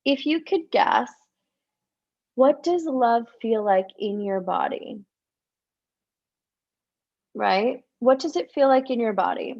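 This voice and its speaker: A woman love coach guiding listeners through a visualization, speaking softly and encouragingly with gasps and repeated words. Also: fairly high pitch, vocal fry. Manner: soft, encouraging, with gasps and drawn-out sighs. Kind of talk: live-streamed guided visualization. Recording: dull lo-fi stream audio.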